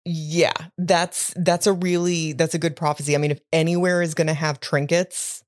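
A woman's voice: low-pitched, flat delivery, normal speed, no room sound, studio quality. A woman co-hosting a podcast in casual chat, recapping chapters, swearing and laughing often. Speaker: podcast co-host.

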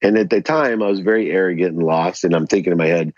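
A man being interviewed as a podcast guest, animated as he tells a story and acts out the dialogue. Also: low-pitched, fast talker, no echo, highs cut off.

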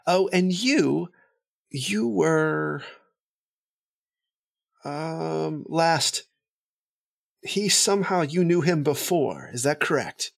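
A man voicing an eager, courtly female emissary who gushes with flattery. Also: on the high side, drawn-out words, vocal fry, pauses often, no echo, studio quality, voice pushed up, heavily acted. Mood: gushing. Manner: flattering, effusive.

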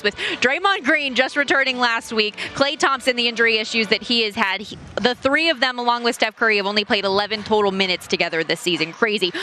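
A young woman hosting a sports betting show, running briskly through scores and odds. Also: on the high side, sharp tone, a little hiss or hum. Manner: brisk scripted rundown with laughs. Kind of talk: sports news rundown and chat.

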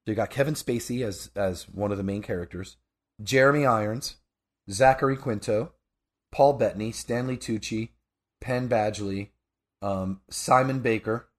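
A man's voice: fairly low pitch, normal speed. A man co-hosting a podcast, chatting casually and rambling about a film, with frequent restarts. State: sneezing and coughing. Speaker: podcast co-host.

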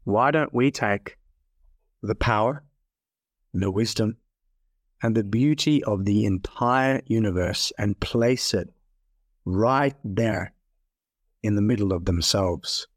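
A man voicing a gentle, compassionate God while telling a parable, speaking calmly and patiently. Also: lowish voice, slow, pauses often, dry recording, studio quality. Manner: calm, patient, softly spoken.

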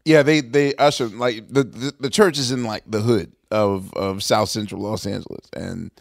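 Brief: American man, casual host, mid pitch, hesitant while recalling, dry. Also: steady tone, moderate pace, gravelly, dry recording. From United States. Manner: conversational, hesitant fillers when recalling details. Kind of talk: casual chat.

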